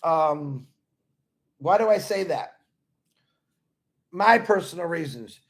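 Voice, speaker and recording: A man's voice: fairly high pitch, lively intonation, takes it slowly. A man giving a casual motivational talk to company members. He is earnest and rambling and repeats his points. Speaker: company supporter talking to members.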